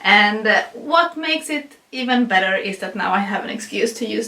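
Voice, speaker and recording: A woman's voice: mid-range voice, expressive, normal speed, hardly any pauses, bright, forceful tone. A young adult woman vlogging casually to camera, a little out of breath, chatty and giggly with many fillers and restarts. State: slightly out of breath. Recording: roomy, voice a bit far from mic.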